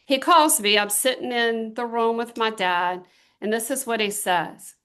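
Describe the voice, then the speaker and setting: A middle-aged woman giving a motivational talk to a small group, telling stories with emphatic, drawn-out stresses. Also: a little high, fairly bright tone, smooth. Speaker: team trainer.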